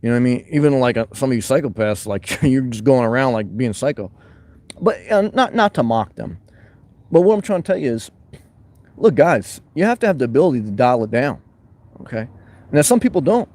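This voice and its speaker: A man hosting a casual livestream from his van, reading chat comments aloud, loud and boisterous at times, calm at others. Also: medium pitch, brisk, no echo. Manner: loud, boisterous, shifting between fired-up and calm.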